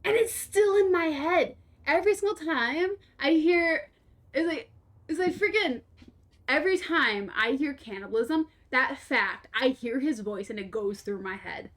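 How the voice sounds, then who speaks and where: A woman's voice: high voice, expressive, a little slow, fairly bright tone. A young woman streaming a game, rambling through a story in casual chat, laughing and swearing freely. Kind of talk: casual storytelling while playing.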